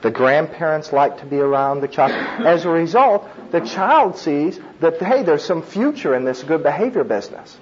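A man's voice: fairly high pitch, lively intonation, moderate pace, few pauses, muffled recording, crowd noise. A middle-aged man giving a conversational sermon, with frequent asides and chuckles. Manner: conversational preaching with asides and laughs. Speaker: preacher. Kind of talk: sermon on child discipline.

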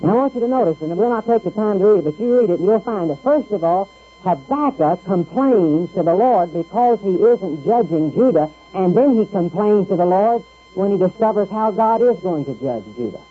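A man with a high, husky voice delivers a radio sermon in an easy, conversational way. He stumbles and restarts now and then, and he acts out the voices he quotes. The sound is thin and phone-like, with faint music underneath. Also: expressive, normal speed. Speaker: preacher.

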